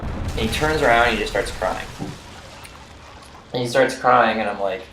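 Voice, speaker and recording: A man's voice: mid-range voice, normal speed. A young man casually telling a story from his school days, rambling with lots of "like" and "you know". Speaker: vlogger. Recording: roomy echo with faint noise.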